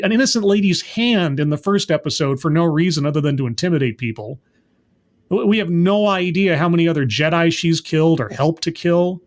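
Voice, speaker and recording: A man giving a sarcastic, exasperated episode recap as a show reviewer, rambling and mocking. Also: sits high.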